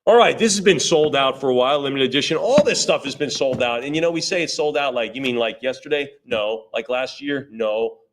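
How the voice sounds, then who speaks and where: At a live sale, an auctioneer with an expressive, mid-range voice calls bids in a rapid, repetitive chant. He keeps dropping playful, joking asides between the numbers. Slight background noise is audible.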